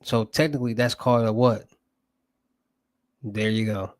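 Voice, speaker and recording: A young man with a Southern US accent hosts a livestream, rambling in loose, casual chat and asking viewers for topics. His voice is lowish with fairly even intonation at a normal speed, and there's no room sound.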